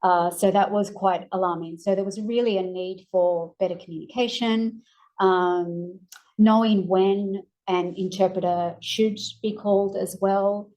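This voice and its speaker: A woman with an Australian accent presenting research findings in a measured way with frequent ums, her voice going hoarse. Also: medium pitch, fairly even intonation, a little mellow, rough recording. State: losing her voice. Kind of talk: academic presentation.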